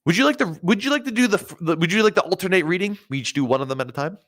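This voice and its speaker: A man's voice: high voice, animated, very fast, a bit bright. A young man co-hosting a casual stream, joking and rambling with many restarts. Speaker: streamer co-host.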